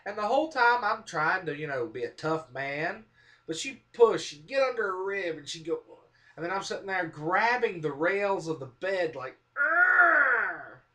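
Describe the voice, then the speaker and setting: A man's voice: high-pitched, moderate pace. A man telling a comic personal story to the camera, self-mocking and acting out what people said. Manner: animated, self-mocking, acts out quotes. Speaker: vlogger. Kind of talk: casual storytelling monologue.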